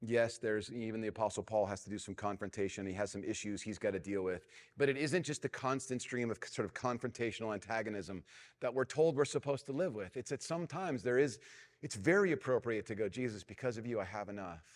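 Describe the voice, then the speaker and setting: Man, middle-aged, pastor, sermon, self-mocking storyteller, low voice, reverberant church hall. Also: brisk. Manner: storytelling, self-mocking, swings from animated to hushed prayerful.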